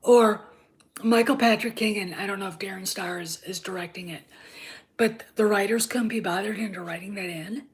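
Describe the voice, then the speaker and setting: A woman in her fifties delivers an angry rant on her own channel, swearing freely and dripping with sarcasm. She often sinks into a hushed whisper, then punches a point with a pointed "okay?". Her pitch sits at an ordinary middle height for a woman. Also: normal speed. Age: 50s. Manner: emphatic, repeats "okay?" for emphasis. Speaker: channel host and TV critic. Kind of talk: ranting commentary.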